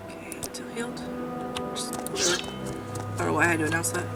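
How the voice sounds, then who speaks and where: A woman giving casual, chatty commentary while playing a game, swearing freely and breaking into loud outrage. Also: lowish voice, fast, creaky, distant mic, loud music behind the voice. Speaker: gameplay commentator. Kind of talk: casual let's-play commentary.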